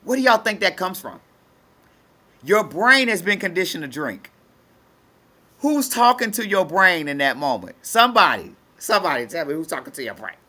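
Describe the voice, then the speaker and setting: Emphatic woman preaching with lively pitch. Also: normal speed. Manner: emphatic, colloquial, repeats phrases for effect. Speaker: spiritual teacher. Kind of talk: preaching to an audience.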